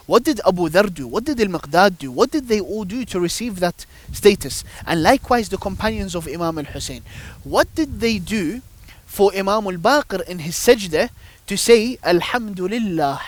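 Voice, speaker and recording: An expressive man with a high-sitting voice talks at normal speed, with no echo. As a guest on a religious panel, he tells devotional stories with emphasis and rhetorical questions while discussing religion through storytelling.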